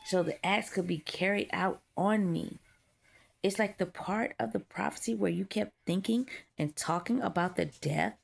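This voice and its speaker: A woman's voice: mid-range voice, gravelly, slight background noise. A woman delivering a defiant, profane spiritual monologue straight to her audience, hammering her points home. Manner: defiant, profane, emphatic ranting. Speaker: vlogger.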